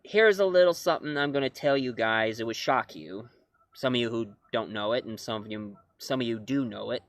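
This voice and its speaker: A man's voice: mid-range voice, fairly quick, a bit bright, no echo. A man reviewing comics and films in a casual talk to camera, rambling and correcting himself as he goes. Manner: rambling, self-correcting, chuckling.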